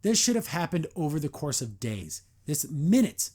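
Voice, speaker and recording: Man, podcast host, casual review, animated and digressive, mock-exasperated, slightly high voice. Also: normal speed, few pauses.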